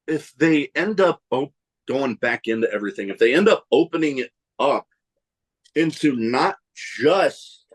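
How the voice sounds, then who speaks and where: Brief: man, casual podcast co-host, lively rising-falling delivery, slightly raised pitch, profane, a bit winded. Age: adult with nieces and nephew. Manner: animated, swearing, quick asides. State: a little winded. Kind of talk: casual chat.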